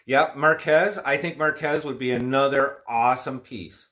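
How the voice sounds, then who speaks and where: A man's voice: medium pitch, fairly even intonation, moderate pace, bright, forceful tone. A man hosting a casual livestream chat, talking in a rambling, opinionated, frustrated way, with a stuffy nose from allergies. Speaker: livestream host.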